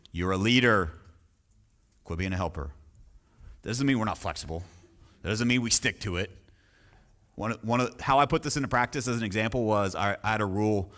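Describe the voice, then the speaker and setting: Emphatic man coaching sales. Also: fairly low pitch. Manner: energetic, emphatic, asks the audience questions. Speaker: real estate sales coach. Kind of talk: sales training talk.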